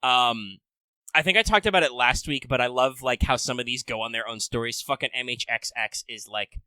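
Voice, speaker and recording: A man co-hosting a casual gaming podcast, animated and swearing freely, acting out character lines. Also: medium pitch, brisk, dry recording. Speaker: podcast co-host.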